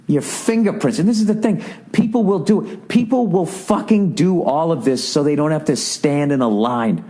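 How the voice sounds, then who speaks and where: A man's voice: fairly high pitch, normal speed, warm tone. A man hosting a podcast, delivering a profane, sarcastic, exasperated comedic rant in a casual monologue. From United States. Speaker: podcast host.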